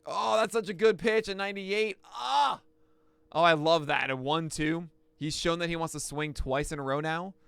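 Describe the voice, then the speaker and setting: A man hosting a pitching analysis, talking through each pitch with excitable outbursts. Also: normal speed, vocal fry, smooth, no echo. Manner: excitable, bursts into shouts and laughs. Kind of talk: excited play-by-play pitch breakdown.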